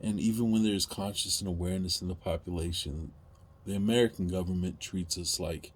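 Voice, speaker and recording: Husky man in an impassioned monologue. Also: low voice, a little fast. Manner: emphatic, pleading, rising to loud outbursts. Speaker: video commentator.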